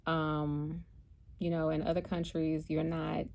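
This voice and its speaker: A chatty American woman tells a story from her travels, her voice low and gravelly. She talks casually and animatedly, slipping into the voices of the people she met. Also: slow pace. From United States. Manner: chatty, animated, acts out quotes. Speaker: vlogger and spiritual card reader.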